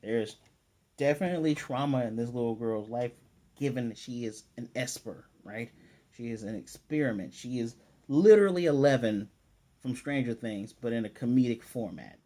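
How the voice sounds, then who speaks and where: Male anime reviewer, relaxed and mellow, animated casual recap. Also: mid-range voice, normal speed. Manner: animated retelling, acting out characters' lines.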